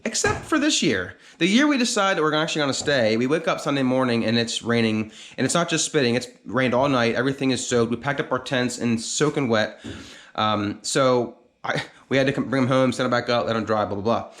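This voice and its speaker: Perched on top of a gorge, this channel host talks to camera in a fairly quick, animated way, his mid-range voice fairly bright. Winded and casual, he rambles along with plenty of filler words.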